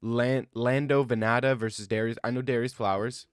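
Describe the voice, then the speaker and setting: A man chatting casually about fights, thinking out loud as he goes and often breaking into excited rants. His voice sits in an ordinary middle register. The sound is close and dry, with no room echo. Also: medium pitch, normal speed, clear, resonant tone. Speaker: MMA commentator. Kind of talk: casual fight-card commentary.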